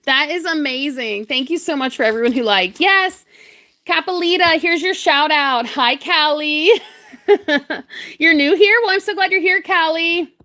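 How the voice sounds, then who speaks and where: A woman's voice: high voice, unhurried, pushed and bright. A young woman chatting casually on a craft livestream, greeting and thanking viewers with frequent giggles.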